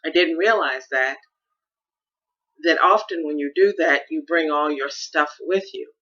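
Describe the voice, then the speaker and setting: Bright-voiced woman reflecting aloud. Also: sits low, unhurried, highs cut off. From Chicago, USA. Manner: thoughtful, searching, with restarts and stressed key words. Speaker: podcast host. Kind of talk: reflective personal monologue.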